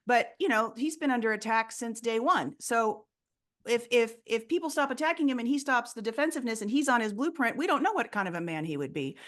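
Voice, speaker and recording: A woman's voice: a little high, expressive, brisk, fairly bright tone. A woman talking as a guest in an interview, explaining her approach earnestly and acting out quoted people along the way. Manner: earnest, explanatory, often acts out quoted voices. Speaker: guest, fear coach. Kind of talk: casual interview talk.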